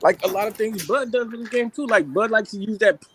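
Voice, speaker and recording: A man's voice: high-pitched, fairly quick, a little hiss or hum, poor audio. Laid-back, cursing male panelist. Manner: laid-back, profane, says "you know what I mean". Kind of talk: casual boxing analysis.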